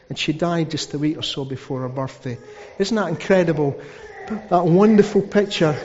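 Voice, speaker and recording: A man's voice: a little high, normal speed, darkish tone, slight background noise. A man preaching a sermon as pastor, telling stories with asides. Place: church hall. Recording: dull sound with long hall reverb.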